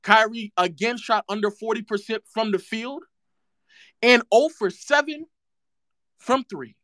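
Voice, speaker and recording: A man's voice: high voice, a little slow, pauses often, pushed and bright, no room sound, studio quality. A man streaming live, ranting about basketball in a sarcastic, mocking way and repeating phrases for effect.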